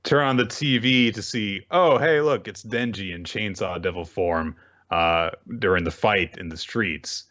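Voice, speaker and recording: Low-voiced man with a muffled lo-fi sound. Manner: animated, acts out characters' lines in quick voices, laughs often. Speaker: podcast co-host. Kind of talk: casual chat recapping manga chapters.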